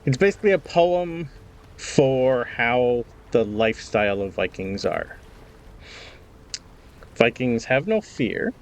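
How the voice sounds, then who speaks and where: A man narrating as game master of a tabletop game, explaining rules in a relaxed way with fillers. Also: mid-range voice, takes it slowly, long pauses.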